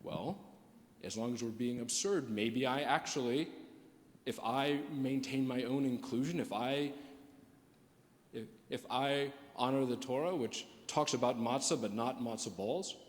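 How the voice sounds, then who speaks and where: A man speaking on a panel, halting and repeating words as he thinks aloud. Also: medium pitch. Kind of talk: reflective live panel talk. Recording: reverberant hall recording.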